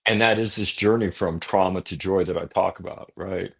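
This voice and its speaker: Low-voiced guy on a talk show telling his story, earnest, keeps saying right?, blunt at times. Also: fairly even intonation, moderate pace, vocal fry, slightly rough. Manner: earnest, punctuates thoughts with "right?". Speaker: author guest.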